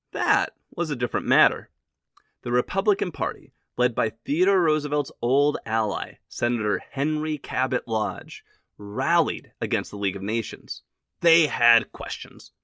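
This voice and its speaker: A male narrator reads a scripted history lesson with jokes and asides. His voice sits a little high and swings widely. The sound is dry and close. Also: dry recording. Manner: lively and wisecracking.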